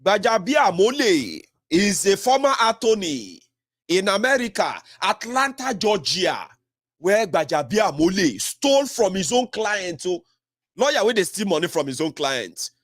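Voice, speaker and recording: A Nigerian man hosting solo political commentary, mocking and animated, slipping into Pidgin. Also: high voice, a little slow, dry recording, studio quality.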